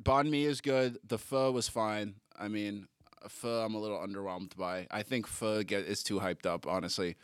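A man's voice: on the low side, fairly even intonation, moderate pace, smooth, dry recording, studio quality. A young Canadian man hosting a casual podcast, joking, laughing often and swearing freely. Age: young adult. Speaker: podcast host. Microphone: studio mic.

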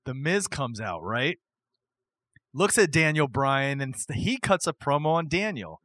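Animated man spinning a wrestling tale. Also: medium pitch, unhurried, dry recording. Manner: animated, acts out quotes, laughs often. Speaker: podcast host. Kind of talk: excited wrestling storytelling chat.

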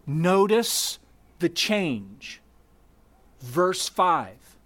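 Slow, high-voiced man preaching. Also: fairly bright tone. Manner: emphatic, repeats key words with deliberate pauses. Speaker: pastor. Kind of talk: sermon.

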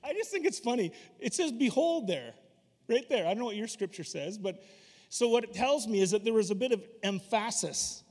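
A man preaching a sermon, animated and emphatic, slipping into voices when he retells scripture. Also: high voice, fairly quick. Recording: long hall reverb.

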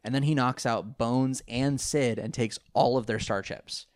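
At a slightly slow pace, a mid-range male voice rambles through a casual cartoon recap on a podcast, animatedly voicing the characters' lines in put-on quotes. It's captured in a clean studio with no room sound.

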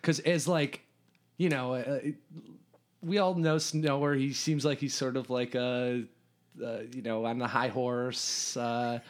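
A man from Hungary, a podcast guest, telling a story in an animated, rambling way with lots of restarts. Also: medium pitch, slow. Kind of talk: casual storytelling.

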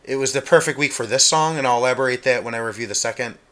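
A man's voice: mid-range voice, fast, fairly bright tone. A man co-hosting a music review podcast, chatting casually with fillers and asides. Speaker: podcast co-host.

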